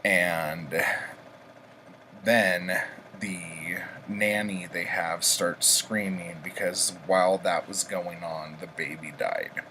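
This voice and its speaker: A man's voice: sits low, steady tone, takes it slowly, sharp tone, a little hiss or hum, low-quality recording. A man casually reviewing books he read this week, rambling with many ums and likes. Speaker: book reviewer, vlog host. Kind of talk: casual book review chat.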